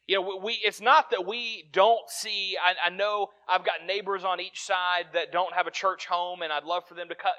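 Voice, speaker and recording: A man's voice: high voice, sharp tone, lo-fi sound. A man preaching a sermon in an earnest, conversational way, often restarting his sentences.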